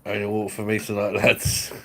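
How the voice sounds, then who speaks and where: A man's voice: fairly low pitch, completely flat delivery, normal speed. A man hosting a live stream, chatting casually with viewers in jokey banter and laughing often.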